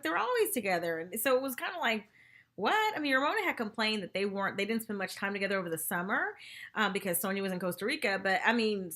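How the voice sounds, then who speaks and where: An excitable woman dishes on a reality show episode in a loose, gossipy vlog. Her voice sits a little high and sounds bright and tense. Her pitch swoops all over as she chatters. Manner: animated, chatty, says "y'all" and "like" often. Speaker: TV recap vlogger. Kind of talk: casual gossipy episode review.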